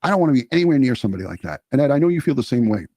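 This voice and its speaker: A man's voice: mid-range voice, very animated, rapid-fire, darkish tone, no echo. A man co-hosting a true crime interview show, earnest and indignant as he addresses the audience directly. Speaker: co-host of a true crime channel.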